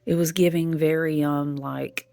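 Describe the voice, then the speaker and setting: A woman speaks in a low, gravelly voice with lots of vocal fry. She tells a story in a chatty, animated way, like a casual vlog. She keeps checking in with her listeners as she goes. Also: measured pace, no echo. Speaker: spiritual content creator.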